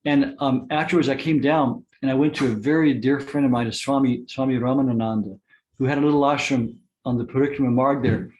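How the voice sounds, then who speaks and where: A man giving a spiritual satsang talk, telling personal stories with soft laughs and frequent restarts. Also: medium pitch, fairly even intonation, a little fast, dull audio. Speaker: spiritual teacher.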